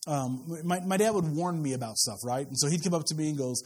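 A man's voice: fairly high pitch, a little fast, darkish tone, slightly rough. A middle-aged man preaching a sermon in a church, talking to the congregation and often repeating words as he restarts. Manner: conversational preaching, frequent word repeats and restarts. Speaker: pastor. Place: church sanctuary with pews.

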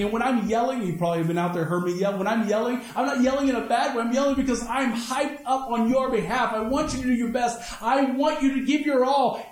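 A male pastor preaching a sermon with energy, repeating phrases for emphasis. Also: extremely high pitch. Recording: echoey room.

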